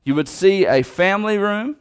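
A man delivers a sermon in a relaxed, conversational way. He often restarts his sentences and turns to the congregation with asides. His voice sits somewhat high for a man. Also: moderate pace, clean tone. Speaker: preacher.

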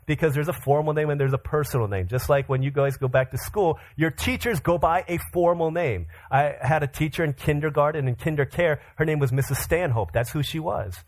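Lively man preaching a playful sermon. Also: on the high side, a little fast, hardly any pauses. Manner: playful storytelling with acted voices. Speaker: pastor. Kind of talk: sermon to a youth audience.

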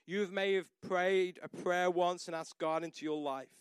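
A man's voice: high voice, fairly even intonation, moderate pace, clean tone, no room sound, studio quality. A man in his thirties preaching a sermon, telling a personal story and building to emphatic declarations. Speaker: pastor.

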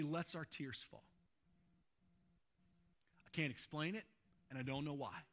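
A man preaching a sermon as pastor, emphatic, stacking adjectives and swinging between loud urgency and hushed tenderness. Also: a little high, expressive, measured pace, pauses often.

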